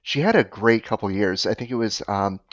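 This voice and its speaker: Low-voiced man on dull lo-fi audio. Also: animated, brisk, no room sound. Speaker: guest horror critic. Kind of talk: casual film discussion.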